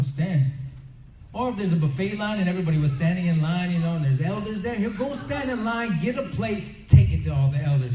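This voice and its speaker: Man, storyteller and motivational speaker, conversational, fairly high mellow voice, echoey hall. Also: a little hiss or hum. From Crow Reservation, Montana. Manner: animated storyteller, acts out characters; conversational, full of "you know". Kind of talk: storytelling talk to youth. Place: event hall. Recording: roomy echoing venue, faint ambience.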